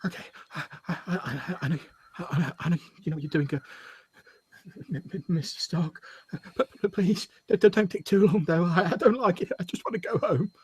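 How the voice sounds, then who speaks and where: A man voicing a terrified young woman lost in the dark, stammering heavily in panic. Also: sits high, a little fast, slightly rough, no room sound, voice pushed up. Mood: tearful pleading.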